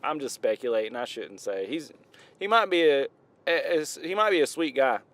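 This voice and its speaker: A man's voice: mid-range voice, lively intonation, moderate pace, a bit bright. A man with a Southern US accent, rambling casually and correcting himself as he reviews hip-hop outdoors. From American South. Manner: rambling, self-correcting, drawling southern talk.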